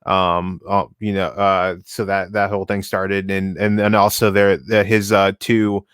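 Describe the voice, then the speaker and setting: A man co-hosting a casual discussion stream, talking in a halting way and searching for words mid-sentence. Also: low-pitched, little pitch movement, a bit bright, smooth, no echo, clean studio sound. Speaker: co-host reading the series.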